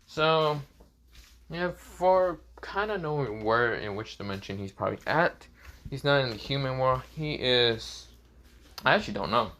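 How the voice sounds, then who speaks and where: A man's voice: mid-range voice, animated, a little slow, pushed and bright. A man telling a casual fan-fiction story off the cuff, rambling with many fillers and repeated phrases.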